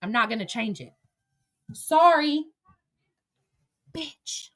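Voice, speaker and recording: Woman ranting on her livestream, cussing a lot, calling out haters, sharp bright voice. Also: fairly high pitch, expressive, slow pace. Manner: profane, combative, confrontational; talks to chat and absent critics directly. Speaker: livestream host. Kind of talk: heated livestream rant.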